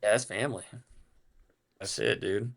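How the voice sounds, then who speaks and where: A man's voice: on the low side, fairly even intonation, normal speed, creaky, fairly bright tone. A young adult man as a podcast guest, chatting in a laid-back, joking way that trails off mid-thought. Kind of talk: casual podcast chat.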